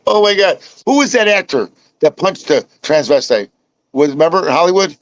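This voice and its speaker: A man's voice: fairly high pitch, expressive, moderate pace, no room sound, low-quality recording. Older man, rambling storyteller, dry sound. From Chicago. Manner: rambling storyteller, many restarts and repeats. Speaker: podcast host. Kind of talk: casual chat.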